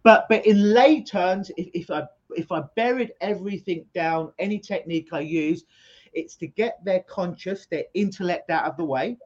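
A middle-aged hypnotist being interviewed over a video call, explaining his work as an energetic storyteller who often repeats words at the start of sentences. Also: high-pitched, normal speed, highs cut off. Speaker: hypnotist guest.

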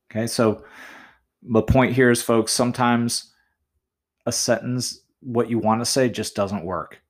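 A man hosting a movie essay podcast, thinking aloud through his writing choices and giving listeners friendly, encouraging tips. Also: lowish voice. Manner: chatty and encouraging, addresses listeners as folks; muses aloud, weighing options with questions.

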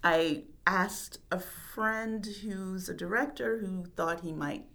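A woman's voice: medium pitch, slow pace, a bit bright. A woman who writes and produces an audio drama, chatting casually in an interview, often trailing off with fillers and laughing easily.

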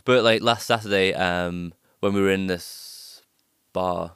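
A man chats casually on a podcast, his voice sitting fairly low. He rambles through stories, restarting sentences and laughing along the way. The sound is close and dry, with no room around it. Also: fairly even intonation, measured pace, fairly bright tone, smooth, no echo. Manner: rambling, self-interrupting, laughing storyteller. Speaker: podcast co-host. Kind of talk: casual chat.

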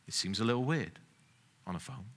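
A man's voice: on the low side, lively intonation, fairly quick. A man in his forties preaching a sermon as pastor, conversational with light humorous asides.

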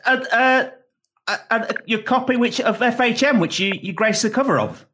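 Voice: mid-range voice, normal speed, fairly bright tone. A host running a comedy panel, calling on guests and reading out comments in an upbeat, chatty way.

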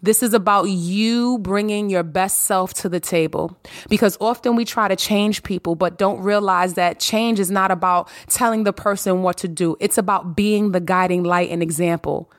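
A woman hosts her own podcast in a solo monologue, preaching with emphasis and circling back on her phrases. Her voice sits at a middle pitch. The recording is close and dry, with no room sound. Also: moderate pace, dry recording. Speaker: podcast host.

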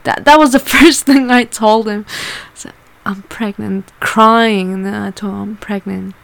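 A woman's voice: on the high side, normal speed, vocal fry, fairly bright tone. A woman candidly telling a personal story in a casual way, swearing often and using lots of fillers.

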